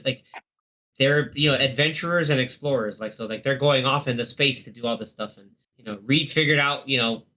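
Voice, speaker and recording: A man's voice: mid-range voice, bright, forceful tone. A man hosting a casual movie podcast, rambling with lots of fillers. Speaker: podcast host.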